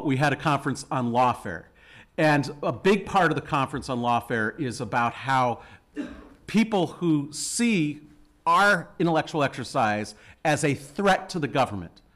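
A man's voice: mid-range voice, fairly bright tone. A man giving wry opening remarks at an academic law panel in a lecture hall. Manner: wry, jokes with the audience. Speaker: conference organizer and panel opener.

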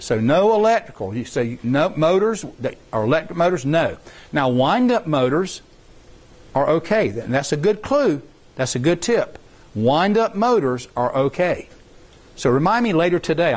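A middle-aged man, explaining rules to students in an informal, rambling workshop style and repeating points for emphasis. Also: on the high side. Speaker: science competition workshop instructor.

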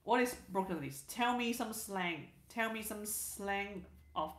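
A woman's voice: mid-range voice, unhurried, echoey room. A woman hosting a casual livestream, reading viewer comments aloud in a chatty way, repeating words and restarting sentences. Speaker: livestream host.

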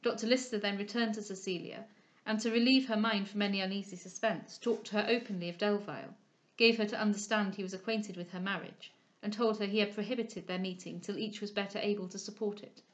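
A woman reading a classic novel aloud in a measured, expressive way. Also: medium pitch. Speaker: audiobook reader. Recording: dull lo-fi recording.

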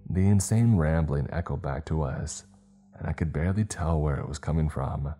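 Very deep-voiced man narrating horror. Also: mellow. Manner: slow, measured storytelling. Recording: faint background music.

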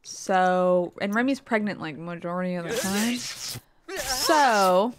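A woman's voice: mid-range voice, slow pace, a crowd in the background. A woman streamer giving casual gameplay commentary, exasperated and swearing, with muttered asides.

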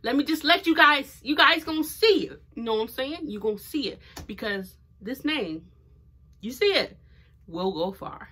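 Bright-voiced woman, emotional and preachy. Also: high voice, moderate pace, slightly rough. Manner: emotional, motivational, preacher-like declarations; animated and expressive, many fillers. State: teary from crying. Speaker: small business owner and vlogger. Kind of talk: casual heartfelt talk to camera.

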